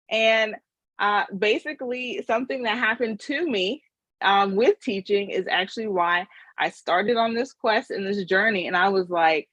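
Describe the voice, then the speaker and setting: A woman's voice: a little high, fairly bright tone, no echo. A woman giving a casual motivational webinar talk as a money mindset coach, telling her story earnestly and emotionally.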